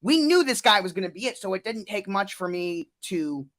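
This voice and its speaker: A man's voice: sits high, sing-song, normal speed, crowd noise. A man co-hosting a casual sports podcast, enthusiastic and earnest, citing statistics. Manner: earnest, stat-heavy, enthusiastic. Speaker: podcast co-host.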